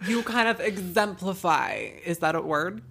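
Young woman, low voice, blunt teasing couple podcast chat, swearing. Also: expressive, moderate pace, vocal fry, a bit bright, husky. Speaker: podcast co-host.

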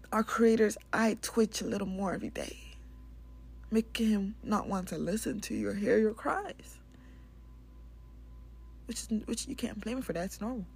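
A woman's voice: mid-range voice, gravelly, slightly rough. A woman hosting a casual spiritual talk, speaking candidly and bluntly, swearing and laughing often. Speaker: spiritual podcast host.

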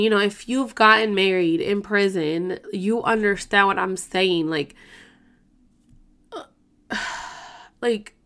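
A young woman tells a story straight to her viewers. She talks in loose slang, swears freely and jumps into quoted voices from line to line. Her pitch sits in the middle range for a woman. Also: a bit bright. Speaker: vlogger. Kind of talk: casual storytelling to camera.

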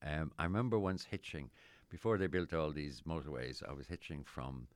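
A middle-aged Irish man chatting casually as an interviewee, rambling and halting with many restarts. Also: a bass voice, no echo, clean studio sound. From Ireland. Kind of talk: casual chat.

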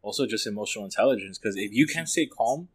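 Young guy, low-ish voice, quick, rambling, filler-heavy casual talk. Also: animated, husky. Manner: fast and rambling, many fillers. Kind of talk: casual podcast conversation.

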